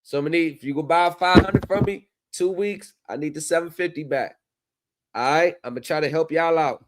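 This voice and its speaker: A man's voice: fairly high pitch, brisk, very noisy. A man hosting a livestream in casual chat, loose and profane in his banter. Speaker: livestream host.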